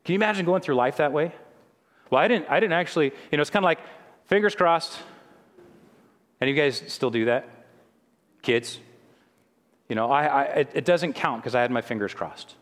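A man's voice: mid-range voice, moderate pace, long pauses. A middle-aged man preaching a sermon in a conversational way, often restarting his sentences. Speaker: pastor. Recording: long hall reverb.

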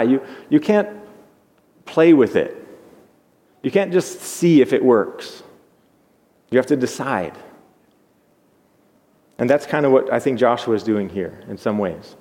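A pastor giving an earnest, measured sermon, often repeating words as he thinks aloud. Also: medium pitch, lively intonation, darkish tone. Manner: earnest, measured preaching with repetitions. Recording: long hall reverb.

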